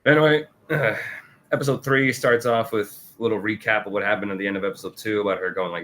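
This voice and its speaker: A man's voice: fairly even intonation, quick pace, a bit bright, a little hiss or hum. A man co-hosting a casual review chat, often laughing and acting out character lines. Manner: laughs often, acts out character quotes with raised pitch. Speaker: podcast co-host.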